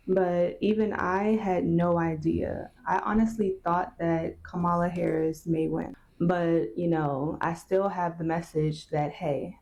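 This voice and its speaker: A woman who reads tarot giving relaxed spiritual talk, full of "you know". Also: on the low side, slight background noise. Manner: relaxed, filler-heavy. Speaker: tarot reader.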